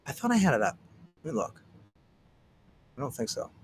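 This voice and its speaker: A man's voice: medium pitch, huge pitch swings, normal speed, a little hiss or hum. A man from Canada hosting a casual solo livestream, rambling and sarcastic, muttering to himself between remarks. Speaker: livestream host.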